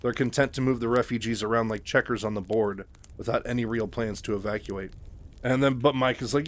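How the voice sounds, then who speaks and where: A man's voice: medium pitch, steady tone, brisk. A man casually retelling a novel, loose and full of fillers. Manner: loose, filler-heavy, lots of "like". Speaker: book retelling host.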